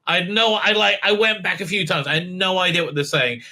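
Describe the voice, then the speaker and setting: A man's voice: sits high, bright, forceful tone. A man hosting a show, giving a rambling casual episode recap with lots of fillers and mocking asides. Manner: halting, many fillers, acts out quotes in silly voices. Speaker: show host reviewing a TV episode.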